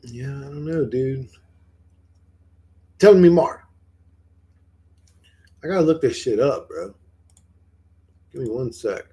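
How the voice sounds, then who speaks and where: A man's voice: medium pitch, lively intonation, takes it slowly, long pauses, dark tone, breathy edge. A man livestreaming who rambles, swears freely and keeps firing questions back at his chat in casual talk.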